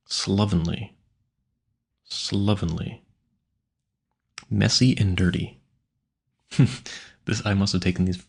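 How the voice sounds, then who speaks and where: A man's voice: sits low, vocal fry, husky. A man rambling casually at a home mic, musing aloud and stumbling over hard words he sounds out. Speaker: audio creator.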